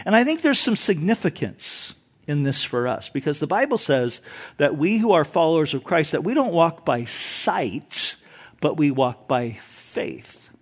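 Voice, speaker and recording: Animated high-voiced male pastor preaching. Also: a little slow, breathy edge. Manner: animated preaching, shifts pitch and loudness for emphasis; acts out crowd voices in quotes. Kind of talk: sermon.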